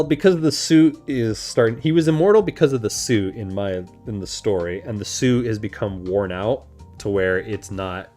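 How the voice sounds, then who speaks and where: A young man chatting casually on a livestream, animated and laughing often. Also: lowish voice. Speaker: animator streamer.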